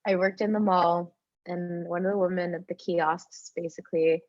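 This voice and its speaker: A young woman telling the story of her life in casual talk, animated, with a lot of "like", and she acts out the other people. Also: on the low side, moderate pace, no echo, dull audio.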